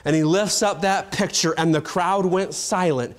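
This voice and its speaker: A man preaching a revival-style sermon in a fairly high voice. He swings between loud, shouted climaxes and hushed, low endings on phrases, with dramatic pacing throughout. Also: moderate pace. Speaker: evangelist preaching.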